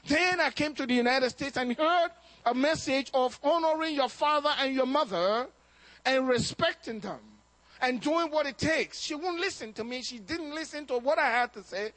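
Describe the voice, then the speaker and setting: A man's voice: extremely high pitch, normal speed, a bit bright, no room sound. A man preaching a sermon, telling a personal story with acted-out quotes and laughs. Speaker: pastor.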